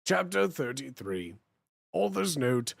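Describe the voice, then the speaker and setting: A livestream host reads fan fiction aloud for laughs, voice gone hoarse after hours of talking. The mid-range delivery is playful, slangy and sing-song, moving slowly and lurching from loud bursts to mumbles. The recording is dry.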